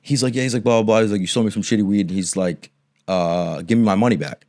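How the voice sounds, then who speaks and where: A man's voice: lowish voice, fast talker, a little mellow. A young man co-hosting a podcast, telling a long story in a loose, swearing, chatty way and acting out the quotes. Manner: rambling storyteller, acts out quotes, swears casually. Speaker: podcast co-host. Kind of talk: casual storytelling chat.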